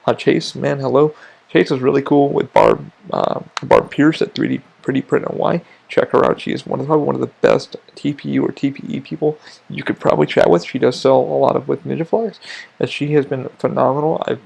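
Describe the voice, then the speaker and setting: A podcast host rambles through a casual monologue at a rapid clip, his mid-range voice heavily gravelly and husky-raspy, with a darkish tone and fairly even intonation. He swears freely and keeps restarting his sentences.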